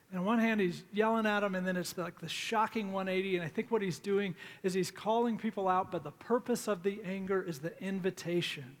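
A middle-aged man preaching a sermon, telling stories in a conversational way and slowing down to plead. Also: high-pitched. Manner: conversational storytelling with pleading, dramatic pauses. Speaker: pastor.

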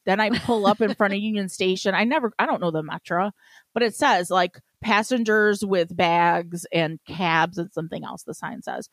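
A woman's voice: medium pitch, moderate pace, fairly bright tone, dry recording. A woman co-hosting a podcast in casual chat, ranting and swearing, raising her voice to act out what she and others said. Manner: ranting, profane, acts out quotes in a raised voice. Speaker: podcast co-host.

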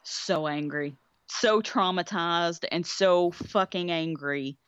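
Slow-talking woman ranting. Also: lowish voice, a bit bright, clean tone, no echo. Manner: blunt, exasperated, swears a lot. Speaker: podcast co-host. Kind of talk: casual profane movie chat. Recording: dry, slightly dull sound.

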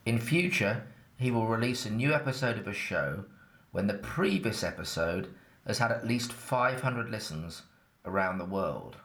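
A man from England with an Essex-tinged accent tells his story in a chatty, cheeky, matter-of-fact way. His voice sits on the low side, and the room around him sounds roomy and echoey. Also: animated, normal speed, fairly bright tone. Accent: Essex-tinged English. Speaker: narrator. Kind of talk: first-person scripted storytelling.

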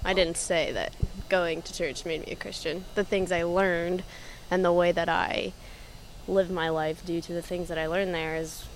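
A woman's voice: fairly low pitch, level tone, normal speed, a little hiss or hum, low-quality recording. A young woman answering questions about her beliefs, hesitant and a bit defensive. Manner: hesitant, defensive, laughs nervously.

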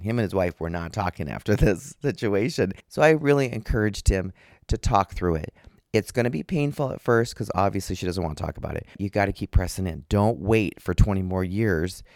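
A man hosting a podcast, telling a story in a chatty way and breaking into high laughter. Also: darkish tone, no room sound, clean studio sound. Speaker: podcast host. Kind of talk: casual storytelling monologue.

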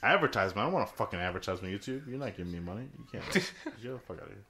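A young man co-hosting a casual podcast, swearing freely and getting loud and excited as he talks. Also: fairly low pitch, racing, vocal fry. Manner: profane, animated, loud bursts of laughing excitement. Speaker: podcast co-host.

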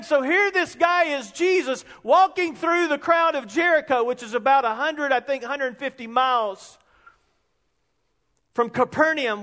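A man, preaching an animated sermon that rises into shouts. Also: extremely high pitch. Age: 50s. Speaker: pastor. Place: church sanctuary. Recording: long reverb of a large hall.

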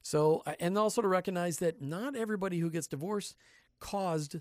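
A man's voice: high voice, brisk, a little mellow, dry recording. A man co-hosting a faith and business radio show, joking and rambling in casual studio chat. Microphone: studio microphone.

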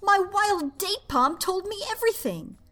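A woman voicing a hostile older woman neighbor who shouts with scorn. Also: very high-pitched, lively intonation, unhurried, soft background music, voice pushed up, heavily acted. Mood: furious.

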